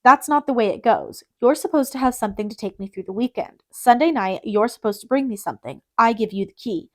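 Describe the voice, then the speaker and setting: A woman's voice: on the high side, lively intonation, fairly quick, a little mellow, close to an everyday voice. A woman reading a blunt, streetwise young junkie man. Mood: defiant. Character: tough young male junkie, quick-tempered and blunt.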